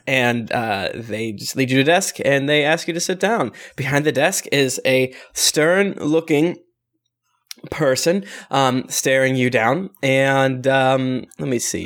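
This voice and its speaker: A man's voice: medium pitch, expressive, measured pace, a bit bright. A man narrating a tabletop game as game master, rambling with many fillers. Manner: rambling, many fillers, laughs at own jokes.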